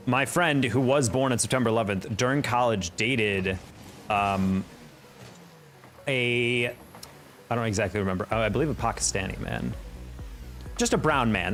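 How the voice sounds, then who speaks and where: This gaming streamer is a young man with a medium-pitched, slightly bright voice. He answers his chat in a relaxed, talkative way, spinning stories and laughing a lot while faint music plays behind him.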